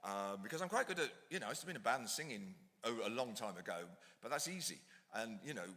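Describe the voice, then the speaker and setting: Chatty man with a bright voice in a hall. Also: mid-range voice, lively intonation, fast. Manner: digressive, chatty, self-deprecating. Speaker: author reading from his book at a talk. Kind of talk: casual anecdote, then reading aloud. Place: lecture hall at an ideas festival.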